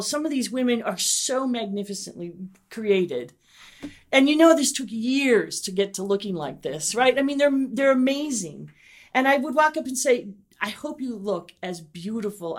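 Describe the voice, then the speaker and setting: A middle-aged woman, a guest and teacher, telling lively anecdotes in an interview and acting out what people said. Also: fairly high pitch. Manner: animated, enthusiastic, acts out quotes.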